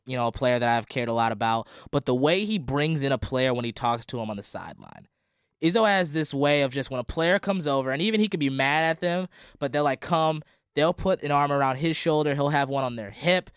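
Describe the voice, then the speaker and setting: A man with a smooth, resonant voice chatting about college basketball. He talks in an earnest, reflective way, drawing out his favorite moments. The sound is close and dry. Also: medium pitch, no room sound. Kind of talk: casual sports chat.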